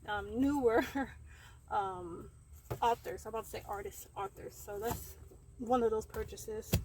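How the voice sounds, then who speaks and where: Out in the heat, a young woman who vlogs about books chats into the camera pointed at herself, rambling, using fillers and a bit out of breath. Her voice is a little high, and the low-quality recording has slight background noise.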